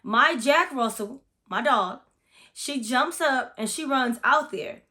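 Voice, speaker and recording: A bright, fairly high-voiced woman from Florida recounts an eerie experience in a casual vlog. Her storytelling is chatty and dramatic, with plenty of cursing thrown in. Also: animated, slow. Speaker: massage therapist.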